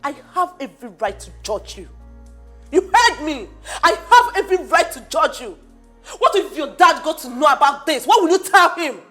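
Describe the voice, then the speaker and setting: An indignant, scolding friend. Her voice is high and very lively, with light music behind. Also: normal speed. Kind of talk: film drama acting.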